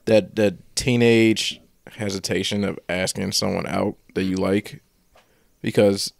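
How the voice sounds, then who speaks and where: A man co-hosting a podcast, chatting casually and thinking out loud about a story with some restarts. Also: lowish voice, steady tone, a little slow, creaky, no echo, studio quality. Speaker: podcast co-host. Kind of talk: casual chat.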